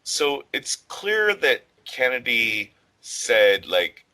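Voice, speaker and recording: A man's voice: fairly low pitch, lively intonation, unhurried, pushed and bright, poor audio. A man co-hosting a podcast, talking in a rambling, casual way with lots of fillers and the odd swear word. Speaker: podcast co-host.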